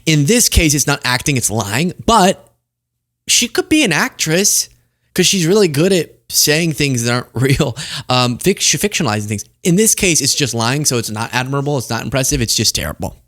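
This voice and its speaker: A man's voice: medium pitch, expressive, normal speed, fairly bright tone. A young man hosting a political commentary show, talking in a sarcastic, conversational way. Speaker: host.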